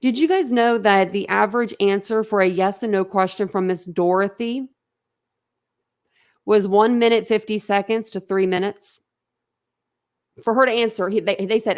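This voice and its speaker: Woman, gravelly voice, blunt rambling livestream chat. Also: medium pitch, moderate pace. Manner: rambling, blunt, laughs often. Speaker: livestream host. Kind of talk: casual chat with live viewers.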